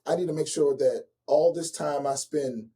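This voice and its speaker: A man in his forties, a guest and relationship coach, telling personal stories slowly and earnestly and turning lively for the funny parts. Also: on the high side. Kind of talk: reflective personal storytelling.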